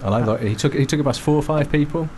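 A man co-hosting a casual football podcast, dropping dry, quick quips. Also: on the high side, a little mellow, a little hiss or hum. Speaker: podcast co-host.

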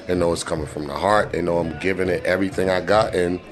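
Boston rapper guy in his 40s, real low voice, easygoing, lots of um and you know, faint music under it. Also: steady tone. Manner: laid-back, halting with fillers, swears freely. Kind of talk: casual interview.

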